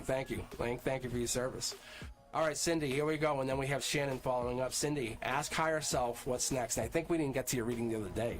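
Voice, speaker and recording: A man hosting a live tarot reading stream, talking casually and upbeat to viewers in the chat and laughing often. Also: mid-range voice. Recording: music playing underneath. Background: music playing.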